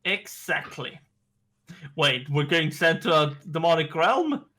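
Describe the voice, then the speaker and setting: A man's voice: a little high, fairly even intonation, unhurried, pushed and bright. Flippant man playing a tabletop game. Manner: flippant, mock-panicked. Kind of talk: casual in-character table talk.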